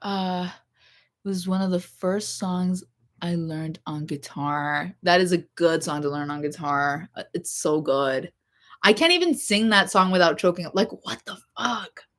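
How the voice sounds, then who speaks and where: A young woman hosting a casual livestream, chatting in a rambling, expressive way with lots of fillers. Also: fairly low pitch, measured pace. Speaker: livestream host.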